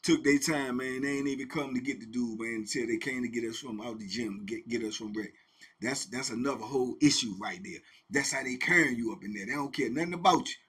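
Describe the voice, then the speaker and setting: Animated husky storyteller man. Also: medium pitch, fairly quick. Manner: animated storyteller with sound effects and quoted voices. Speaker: host telling prison stories. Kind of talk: casual storytelling.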